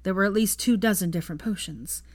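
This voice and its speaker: A woman reading a fan fiction story aloud in a calm, even storytelling manner. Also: medium pitch, fast. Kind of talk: storybook narration.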